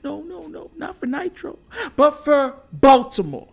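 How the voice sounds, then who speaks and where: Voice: sits high, very animated, a little slow, gravelly, soft background music. A sports show host ranting casually as a fan, with slangy trash talk and frequent laughter between lines.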